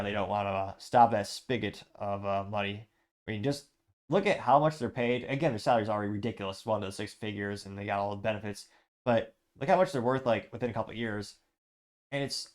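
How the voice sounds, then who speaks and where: Male show host, mid-range voice, casual sarcastic political commentary. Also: mid-range voice. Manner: chatty, sarcastic asides, reads quotes.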